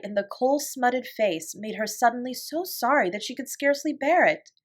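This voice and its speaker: A woman reads a classic children's novel aloud as a bedtime story. Her voice is slightly high and very lively, rising and falling expressively through the narration. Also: moderate pace, few pauses. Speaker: audiobook reader.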